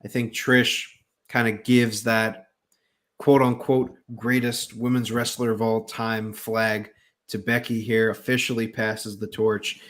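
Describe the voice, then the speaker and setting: A man hosting a casual wrestling podcast, relaxed and hesitant, with many fillers. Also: fairly low pitch, slow pace. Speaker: podcast host.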